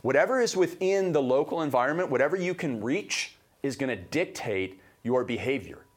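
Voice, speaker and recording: A man from Canada co-hosting a motivational podcast, delivering advice in an emphatic, high-energy way. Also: expressive, normal speed, slightly rough. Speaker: podcast co-host.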